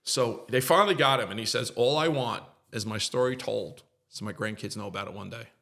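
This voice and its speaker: Man, middle-aged, gravelly, low-pitched, earnest, repetitive storytelling, podcast guest. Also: fairly quick, sharp tone. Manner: earnest, repetitive, gets choked up. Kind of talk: emotional storytelling in conversation.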